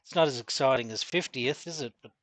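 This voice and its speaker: A man's voice: mid-range voice, fast talker, fairly bright tone, no room sound. A middle-aged man with an Australian accent, chatting casually as he streams a game and answers viewer comments. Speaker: gaming streamer. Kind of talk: casual live-stream chat while gaming.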